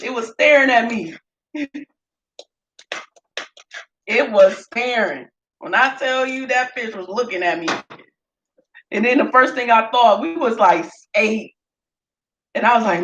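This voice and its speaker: A woman, chatting in a casual cooking vlog and telling lively stories while she cooks in her home kitchen. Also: a little high, unhurried, vocal fry, pauses often. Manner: storytelling, animated, laughs often. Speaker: home cook vlogger. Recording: echoey room with faint noise.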